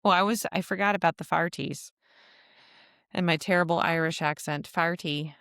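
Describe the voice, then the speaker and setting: A woman's voice: fairly low pitch, normal speed, gravelly, a bit bright, dry recording, studio quality. A woman hosting a casual solo podcast, chatty and laughing often as she acts out little quotes. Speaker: podcast host.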